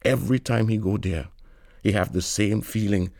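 A man's voice: on the low side, moderate pace, a little mellow, no room sound, studio quality. A man reading literary fiction aloud in a wry, lilting storytelling manner. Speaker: narrator.

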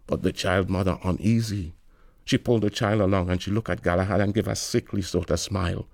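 A man's voice: fairly low pitch, darkish tone, dry recording, clean studio sound. A man reading literary fiction aloud in a wry, lilting storytelling manner. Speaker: narrator.

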